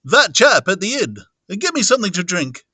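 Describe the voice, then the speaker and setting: A man voicing a panicked village doctor who is shouting in alarm, for an audiobook. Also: high-pitched, sing-song, normal speed, no room sound, voice pushed up, heavily acted.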